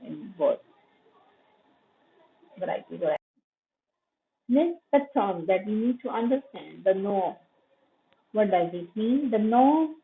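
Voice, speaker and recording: A woman from Pakistan with a Pakistani English accent, giving a recorded university lecture, explaining terms, repeating them and correcting herself with fillers. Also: medium pitch. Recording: tinny phone-like audio.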